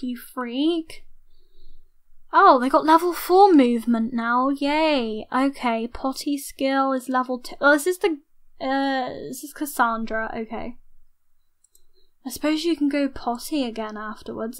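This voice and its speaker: A young woman giving chatty let's-play commentary, reacting loudly to her game with gasps and laughs. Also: sits high. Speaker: gaming YouTuber.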